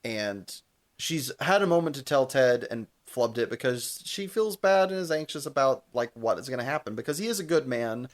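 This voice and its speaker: A young man, a podcast co-host, retelling a TV episode in casual chat, animated, laughing and swearing freely. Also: mid-range voice, normal speed.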